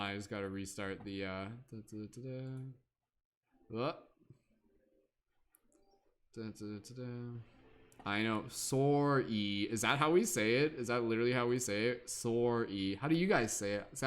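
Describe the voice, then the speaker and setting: A talkative man hosting a live stream, loose and playful as he chats straight to his viewers. He hums little filler tunes in the pauses, and his voice sits in an ordinary middle pitch. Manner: chatty, playful, hums and scats while waiting. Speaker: livestream host. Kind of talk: casual livestream chat.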